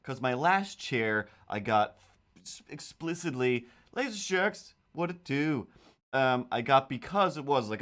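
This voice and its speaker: A man's voice: medium pitch, animated, a little slow, fairly bright tone. A man chatting casually on a live stream while drawing comics, rambling and joking and tripping over his own words, into a desk microphone. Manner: rambling, self-interrupting, jokey.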